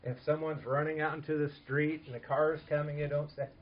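Male pastor, earnest emphatic sermon, fairly high voice, dull lo-fi sound. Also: level tone, a little fast. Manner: earnest, emphatic preaching with soft asides.

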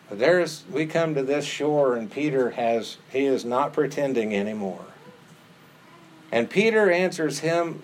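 A man's voice: on the high side, a little slow, a little hiss or hum. A man preaching a sermon in an earnest tone, acting out the quoted prayers with rising intensity. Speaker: pastor.

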